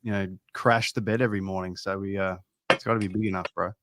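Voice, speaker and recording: A man's voice: deep voice, steady tone, fast, fairly bright tone, slight background noise. A man with an Australian accent, a podcast guest chatting bluntly and casually, swearing freely and calling people bro.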